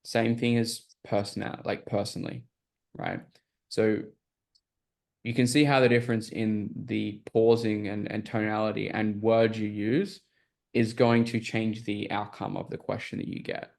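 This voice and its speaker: A man's voice: lowish voice, flat delivery, unhurried, gravelly, a little mellow. A man coaching a group on a call, explaining sales questions in a casual, filler-heavy way and often checking that listeners follow.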